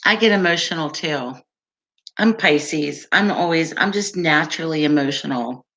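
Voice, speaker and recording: A woman's voice: low voice, normal speed, fairly bright tone. A woman hosting a casual livestream, chatting with viewers, laughing often and answering their comments. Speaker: livestream host.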